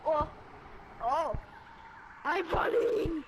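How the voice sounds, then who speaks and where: A woman gamer doing playful in-game role-play through a VR headset mic, excitable and dramatic, with sudden shouts. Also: high voice, extremely slow. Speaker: gamer making a VR game movie. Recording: noisy VR game capture.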